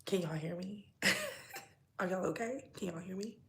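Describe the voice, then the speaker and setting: A young woman with a gravelly, fry-laden voice pitched a little low hosts a casual gossip livestream. She talks in a sassy, chatty way and calls out to her viewers. It sounds like a home computer mic on a stream. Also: normal speed. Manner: sassy, chatty, greets viewers, laughs often. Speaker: livestream host.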